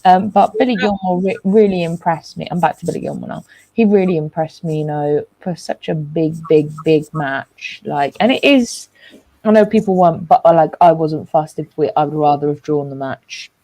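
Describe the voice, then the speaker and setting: A woman's voice: deep voice, moderate pace, dark tone. A woman talking football in casual chat, rambling and jokey with lots of restarts. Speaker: co-host of a football reaction show.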